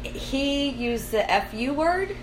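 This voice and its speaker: A woman co-hosting a casual chat, telling stories about her son with a lively, laughing manner. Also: high voice, slow, a little hiss or hum. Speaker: podcast co-host, mother. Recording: echoey room with crowd chatter.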